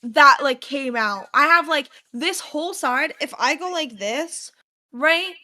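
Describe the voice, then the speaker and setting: A young woman co-hosting a podcast, telling a story in casual chat and acting out her own past yells. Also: high-pitched, animated, a little slow. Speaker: podcast co-host.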